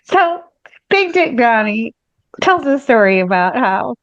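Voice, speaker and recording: A woman's voice: a little high, very animated, slow pace, dry recording, muffled recording. A woman co-hosting a podcast, telling stories in a frank, explicit casual chat with many restarts. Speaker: podcast co-host. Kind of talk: candid casual chat, storytelling.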